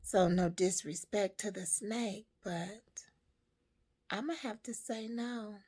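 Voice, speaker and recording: A woman telling a parable and giving life advice to women in a slow, emphatic, preaching way. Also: mid-range voice, warm tone, husky. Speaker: storyteller and motivational speaker.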